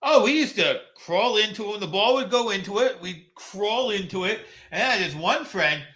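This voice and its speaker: A middle-aged podcast co-host with a high-pitched, expressive, bright and forceful voice talks at a moderate pace. His casual chat rambles, full of fillers and restarted sentences, and he laughs easily.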